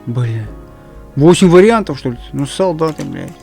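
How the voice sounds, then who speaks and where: A man streaming a game, commenting loudly and profanely with exasperation. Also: fairly high pitch, very animated, moderate pace, creaky, faint music behind. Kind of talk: casual let's-play commentary.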